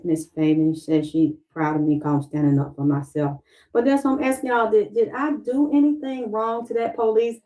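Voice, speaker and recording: A woman's voice: mid-range voice, dark tone, low-quality recording. Insistent Southern woman on a livestream. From Southern United States. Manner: insistent, repeats questions, reads viewer comments aloud. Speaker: livestream host. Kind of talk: emotional livestream talk to viewers.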